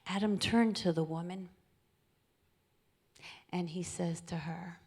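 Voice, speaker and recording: A woman giving an inspirational talk at a deliberately slow pace. Her voice is husky and soft, and she often sinks into an intimate near-whisper to draw listeners in. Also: lowish voice, fairly even intonation. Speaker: speaker at a charity event.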